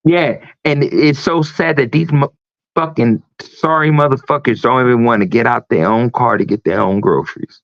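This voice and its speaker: A man hosting a livestream talk show rants emphatically and swears a lot, speaking at a normal speed in a mid-range voice. There's no room sound, and the audio has a dull, lo-fi stream quality.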